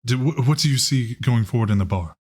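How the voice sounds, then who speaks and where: A man voicing a confused, rambling male vampire elder who talks slowly and vaguely. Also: medium pitch, animated, darkish tone, slightly rough, voice pushed up. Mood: earnest.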